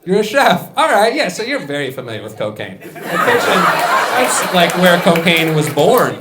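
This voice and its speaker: A young man doing a stand-up set on a club stage, deadpan, with mumbled asides and loud punchlines. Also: high voice, normal speed, heavy background noise. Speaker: stand-up comedian. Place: comedy club stage with a live audience. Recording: laughing crowd in a room.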